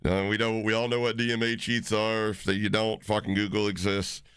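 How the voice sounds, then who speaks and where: A man streaming live, chatting casually with his viewers, swearing freely and getting excited as he reacts to chat. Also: lowish voice, moderate pace, clear, resonant tone, dry recording, studio quality.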